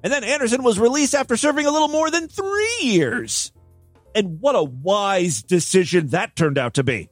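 A man's voice: high-pitched, very animated, normal speed, no echo, soft background music. A man reading out crime news stories and breaking in with sarcastic, profane jokes. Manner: sarcastic, profane, mocking asides. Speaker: comedic news commentator.

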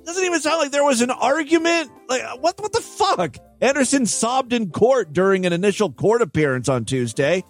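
Sarcastic, lively man mocking the news. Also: extremely high pitch, moderate pace, few pauses, faint music behind. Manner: sarcastic, profane, mocking asides. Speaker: comedic news commentator. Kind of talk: reading and mocking news stories.

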